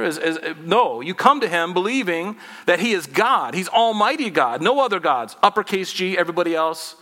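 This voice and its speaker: A man's voice: sits high, pushed and bright, long reverb tail. A man in his forties preaching a sermon in a conversational, humorous way, acting out little dialogues. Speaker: pastor.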